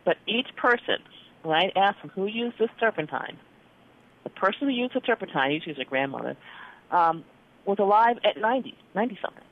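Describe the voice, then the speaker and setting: A doctor telling a story in an interview, acting out the dialogue with lively expression. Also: mid-range voice, brisk. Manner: animated, acts out dialogue in quotes. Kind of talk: storytelling in conversation. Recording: phone-like narrow band.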